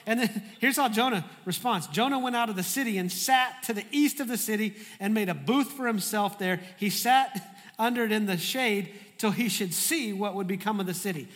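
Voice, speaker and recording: A man preaching a sermon as a pastor, animated and humorous in how he tells the story. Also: high-pitched, moderate pace, big-room sound.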